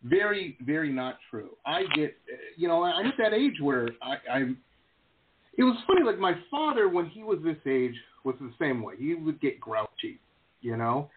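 A man's voice: on the high side, normal speed, slight background noise. A middle-aged man hosting an interview, chatting casually and joking, often acting out the voices of others. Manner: animated, joking, acts out quoted voices. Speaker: host. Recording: tinny phone-like call audio.

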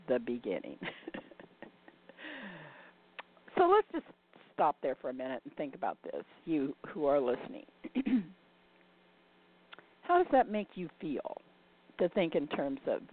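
Older woman, reflective monologue, rhetorical questions, low voice, phone-like sound. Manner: asks the listener rhetorical questions. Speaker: storyteller. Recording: dry, tinny phone-like sound.

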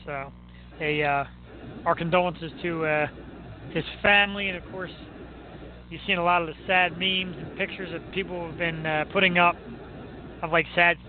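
A man's voice: a little high, steady tone, normal speed, long pauses, slight background noise. A man hosting a radio show, chatting casually in a joking, self-mocking way. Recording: tinny phone-like line.

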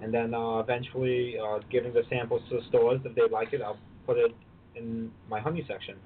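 A man who is a guest on a podcast, a honey maker speaking haltingly with many fillers. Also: mid-range voice, flat delivery. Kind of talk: casual interview chat. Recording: tinny phone-like sound, faint noise.

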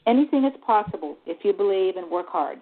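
A woman's voice: mid-range voice, lively intonation, a little fast. A woman guest on a talk radio interview, speaking in an earnest, heartfelt and openly emotional way. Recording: tinny phone line.

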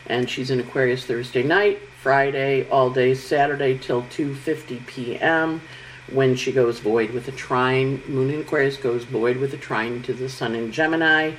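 Middle-aged woman astrologer, low voice, chatty forecast, faint room hiss. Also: normal speed, poor audio. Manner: chatty, animated, breaks into high-pitched quoted voices. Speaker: astrologer host. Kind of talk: casual weekly astrology forecast.

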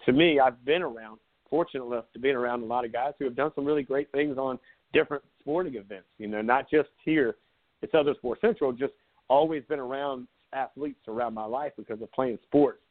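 Brisk and medium-pitched, a sports talk host in his forties from South Carolina rambles his way through sarcastic, easygoing stories during a casual live chat. The recording has a tinny, phone-like quality.

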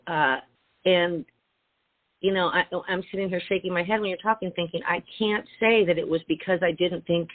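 Husky-voiced woman on a tinny line. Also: fairly low pitch, fairly even intonation, normal speed. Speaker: host. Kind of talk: casual podcast chat.

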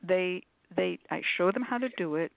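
A woman's voice: normal speed, gravelly, no room sound. Older woman chatting over a thin, phone-like line. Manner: chatty, demonstrates while explaining, many ums; acts out quoted voices with sudden pitch jumps. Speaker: host of call-in spiritual show. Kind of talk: casual panel discussion. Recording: phone-like narrow audio, dry.

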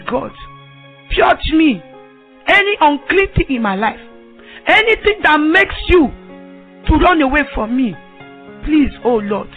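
A woman's voice: high-pitched, fairly bright tone. A woman giving an emotional religious testimony, pleading and repeating herself, at times tearful. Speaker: testifying believer. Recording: tinny phone line with faint music.

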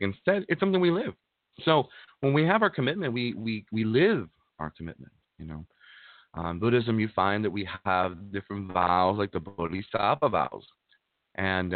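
Low-voiced man giving a halting dharma talk. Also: dry recording. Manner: gentle, halting, with many restarts and fillers. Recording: dry, phone-like narrow sound.

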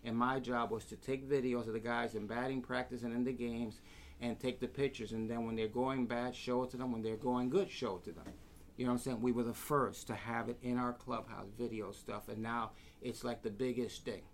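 A man, telling lively stories as a guest and acting out the voices of the people in them. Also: medium pitch, fairly quick, a little hiss or hum. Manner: animated, acts out quoted voices. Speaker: guest storyteller. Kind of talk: casual anecdotes.

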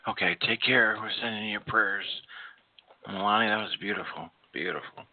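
A man's voice: lowish voice, normal speed. A man co-hosting a call-in radio show, talking in a reflective, conversational way with many fillers. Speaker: radio co-host. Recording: dry tinny phone line.

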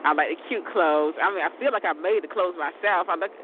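A woman's voice: lowish voice, fast. A woman in her forties chatting casually in a rambling, repetitive way, laughing often. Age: 40s. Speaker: vlogger. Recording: tinny phone-like sound, faint noise.

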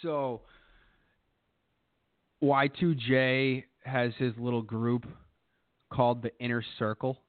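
A man's voice: medium pitch, flat delivery, slow pace, pauses often, no room sound. A man chatting loosely on a podcast, swearing constantly as he rambles through a story. His voice comes through thin and phone-like, with a dry, close sound and no room around it. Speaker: podcast co-host. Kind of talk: casual chat.

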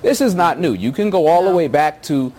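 A man's voice: on the high side, animated, a little fast, warm tone. A man giving thoughtful political analysis on a news panel, with frequent hesitations. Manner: thoughtful, with many uh fillers. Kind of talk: measured news panel commentary.

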